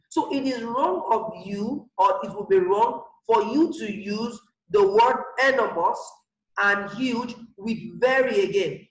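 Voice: mid-range voice, reverberant, rough recording. A primary school teacher giving an online English grammar lesson, repeating each example and checking that pupils understand. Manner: repetitive, explains slowly with examples, checks understanding.

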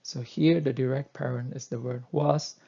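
Male lecturer, slow deliberate coding tutorial, gravelly husky voice, dull lo-fi mic. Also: mid-range voice, fairly even intonation, mellow. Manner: slow, deliberate explaining with fillers. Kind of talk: screen-recorded coding tutorial.

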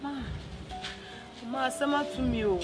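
A very high, tearful voice of a heartbroken young Ghanaian woman, pleading and calling out "Mama". Clear music plays under her lines. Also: a little slow. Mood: upset. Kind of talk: film drama acting.

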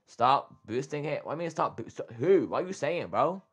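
A young man streaming a reaction, talking casually and excitably, trash-talking his chat and saying "bro" constantly. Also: a little high, normal speed, slight background noise. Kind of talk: casual livestream reaction talk.

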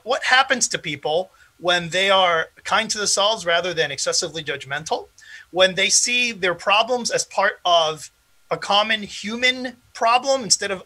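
A man's voice: high-pitched, sharp tone. A man presenting an interactive online workshop to teachers over a video call, casual and encouraging with frequent fillers. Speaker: presenter at an educators' conference.

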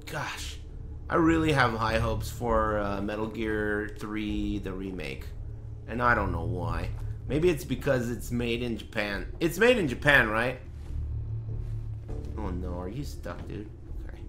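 A man chatting casually while streaming a game, swearing and bursting into shouts and laughs. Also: lowish voice, slow pace, soft background music. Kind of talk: casual gaming stream chat.

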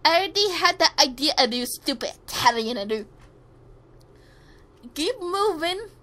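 A woman's voice: sits high, big pitch swings, normal speed, bright, forceful tone, exaggerated voice. A woman voicing China as a smug, bossy young man in a fan-made game, snippy and scolding.

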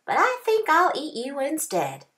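A woman's voice: sits high, huge pitch swings, a little slow, a bit bright, voice pushed up, heavily acted. A woman voicing a hungry, sly roadrunner in a children's story, eager and rising toward the threat. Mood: greedy.

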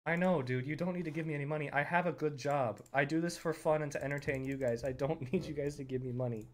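A young man streaming a game, chatting casually with viewers, laughing often and breaking into loud outbursts. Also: on the high side, fast talker. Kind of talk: casual live-stream commentary.

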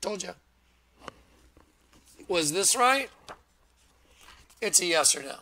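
A man hosting his own online video, talking excitedly and preachily through images on his screen. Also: on the high side, a little slow, pauses often. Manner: animated and preachy, often laughing. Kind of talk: excited commentary over a screen recording.

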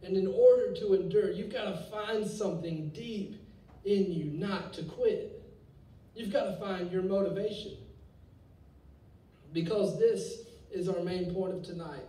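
Young guy preaching to students, highish mellow voice, roomy hall, mic kinda far. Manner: energetic, conversational preaching with casual asides. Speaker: youth pastor. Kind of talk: sermon. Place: church hall.

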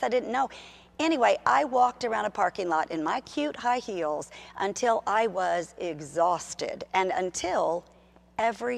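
Brief: middle-aged woman preacher, gravelly, conversational sermon with animated storytelling. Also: mid-range voice. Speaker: pastor.

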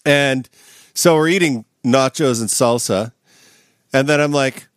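Co-hosting a podcast over a video call, a man tells a wild story full of swearing and laughter in casual chat. His voice is medium-pitched and a little slow, recorded in studio quality with no room sound.

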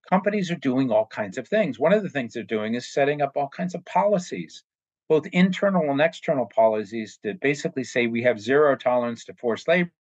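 An earnest man talks plainly and steadily, laying out his points one by one. His voice sits at an ordinary middle pitch. The recording is dry and slightly dull. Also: no echo. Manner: earnest, plain-spoken, acts out short quoted exchanges. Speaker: anti-trafficking speaker. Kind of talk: explanatory talk with acted-out dialogue.

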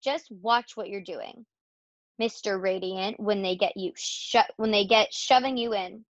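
A woman's voice: mid-range voice, steady tone, a little slow, no room sound, muffled recording, close to an everyday voice. A woman voicing a fussy, complaining male barn rat in a storybook.

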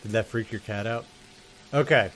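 A man's voice: medium pitch, animated, normal speed. A young man commentating on a video game, joking, swearing and talking to the characters on screen. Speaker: gaming streamer.

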